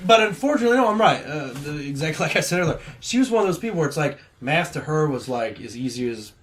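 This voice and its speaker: A young man telling profane, animated stories in a casual podcast chat recorded at a party, acting out quotes as he goes. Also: fairly high pitch, fast. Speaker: podcast host. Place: house party.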